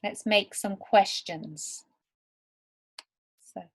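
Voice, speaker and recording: A woman teaching English to beginners over slides, speaking slowly and deliberately word by word. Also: fairly high pitch. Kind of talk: slow, clear lesson for beginner learners.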